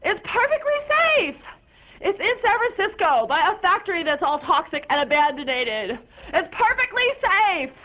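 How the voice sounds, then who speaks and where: A very high, squeaky, whiny teenage girl, voiced by a woman, sobs and rants at her parents, overwrought and tripping over fancy words. It is a comic character monologue, heard through a thin, tinny, phone-like sound. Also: expressive, moderate pace. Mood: tearful ranting. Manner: whiny, tearful, overwrought with mangled big words.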